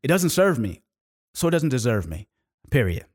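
A man hosting a podcast, telling a personal story in a motivational style, with dramatic pauses and repeated key phrases. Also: mid-range voice, very animated, breathy edge. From California, USA. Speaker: podcast host.

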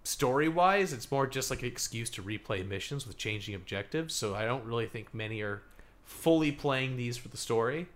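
A man in casual conversation about video games, with a mid-pitched everyday voice. He tells stories with plenty of filler words and restarts. He grows lively and amused as the story builds. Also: moderate pace. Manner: animated storyteller, filler-heavy. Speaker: podcast co-host. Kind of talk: casual gaming chat.

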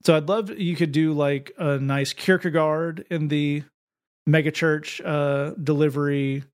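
A man's voice: fairly high pitch, fairly even intonation, unhurried, clear, resonant tone. Wry joking male podcast host. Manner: wry and joking, laughs often. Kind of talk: casual chat.

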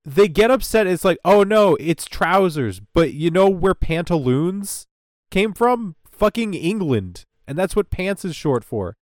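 A man's voice: high voice, big pitch swings, unhurried, darkish tone, dry recording. Sarcastic ranting man on a dry mic. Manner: rambling, sarcastic rants with mock voices. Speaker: podcast co-host. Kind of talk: casual chat recapping a TV episode.

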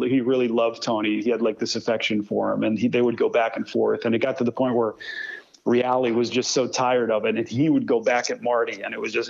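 Man, forties, gravelly, sportscaster guest, lively anecdotes, slightly lo-fi sound. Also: mid-range voice. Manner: animated storyteller who imitates his old mentor. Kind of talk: conversational interview storytelling.

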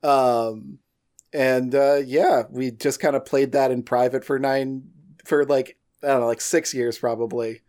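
A man at an ordinary middle pitch speaks as a guest on a casual podcast. His talk is loose and rambling, circling back and restarting his sentences as he goes. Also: steady tone, measured pace, darkish tone. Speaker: podcast guest, game designer.

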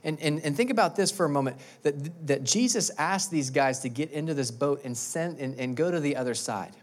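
A male pastor who preaches an animated, emphatic sermon and often repeats words. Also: fairly high pitch, fairly quick.

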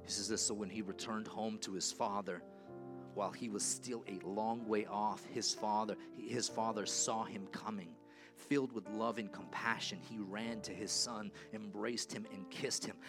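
A male pastor preaching a sermon, moving between quiet storytelling and loud, impassioned calls. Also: fairly low pitch, steady tone, moderate pace, music in the background. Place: church sanctuary.

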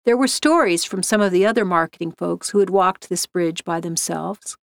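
A woman narrating a story in a steady, measured reading voice. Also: on the low side, vocal fry, no room sound, clean studio sound.

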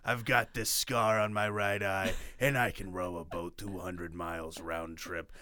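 A man voicing a self-important boaster in a slow, deep, mock-serious tone. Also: flat delivery, bright, forceful tone. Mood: mock-grand.

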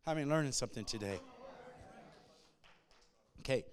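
A male pastor preaching to a congregation, emphatic and animated, swinging between loud shouts and hushed, near-whispered passages. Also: medium pitch, moderate pace. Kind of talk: sermon. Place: church before a congregation.

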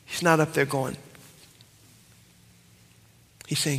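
A man preaching in a church with a slightly high voice, pushing hard on emphatic lines and then dropping to near-whispers. His words ring out with a long hall reverb behind them. He works the room like a pastor. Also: flat delivery, brisk, hardly any pauses. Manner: swings between loud emphatic cries and hushed whispers. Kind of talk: sermon. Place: church sanctuary.

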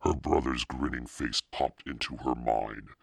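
A man narrates an audiobook in a very deep voice with a gravelly fry. His tone is bright and a little husky. The sound is dry and close. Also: a little slow, dry recording. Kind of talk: scripted narration.

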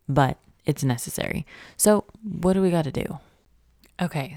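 Low gravelly female podcast host, young adult, casual self-help chat with lots of questions and quiet whispered asides; dry close mic. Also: no room sound. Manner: conversational, asks many questions, drops to a whisper at times. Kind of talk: reflective self-help talk.

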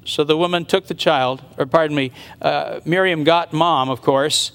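A man's voice: a little high, fairly even intonation, moderate pace, vocal fry, a bit bright, clear, resonant tone. A man preaching a sermon, retelling a Bible story earnestly and speculating aloud about what happened. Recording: long reverb of a large hall.

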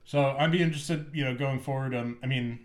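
A man's voice: medium pitch, steady tone, quick pace, reverberant. A man co-hosting a podcast, chatting casually and rambling with lots of fillers. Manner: rambling, filler-heavy, enthusiastic. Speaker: podcast co-host. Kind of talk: casual chat.

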